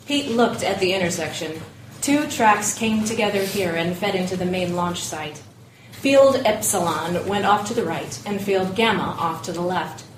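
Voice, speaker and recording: A woman reading a science-fiction story aloud as a guest narrator, in a steady, matter-of-fact way. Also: medium pitch. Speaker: guest reader. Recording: echoey room from a distance with faint noise.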